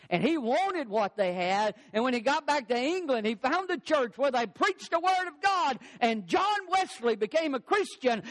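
Older male pastor, very high voice, emphatic preaching cadence. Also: a bit bright. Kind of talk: sermon.

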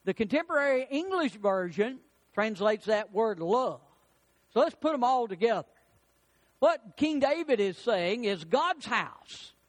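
A man preaches from the pulpit at an unhurried, deliberate pace, pressing his points home with rhetorical questions. His voice sits high for a man. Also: big pitch swings. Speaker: pastor. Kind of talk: sermon.

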